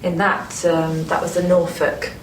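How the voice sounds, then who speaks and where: Northern english woman chatting in an interview, low voice, sounds far off in an echoey room with a bit of hiss. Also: measured pace. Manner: animated, enthusiastic, lots of restarts. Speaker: actress interviewee. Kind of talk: casual interview chat. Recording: roomy, distant mic with faint noise.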